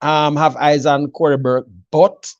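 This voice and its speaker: A man's voice: fairly high pitch, little pitch movement, unhurried, no room sound, highs cut off. A man with a Jamaican accent in a casual sports chat, confidently breaking down a team selection and mixing patois with English. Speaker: football pundit.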